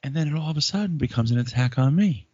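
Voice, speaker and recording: A man hosting a podcast, telling stories in crude, profane, animated banter. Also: a little high, fast talker, dry recording, muffled recording. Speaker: podcast host.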